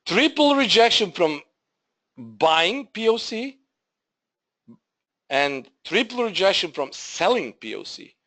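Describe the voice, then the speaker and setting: Slow-talking man presenting a trading webinar. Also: high voice, sing-song, a bit bright. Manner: halting, repeats himself, addresses viewers as "guys". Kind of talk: live trading webinar walkthrough.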